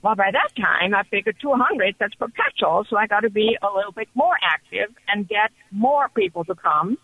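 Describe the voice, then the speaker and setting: Woman, radio caller, chatty excited storytelling, muffled phone sound. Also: mid-range voice, normal speed, slightly rough, no echo. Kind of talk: call-in radio testimony. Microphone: telephone.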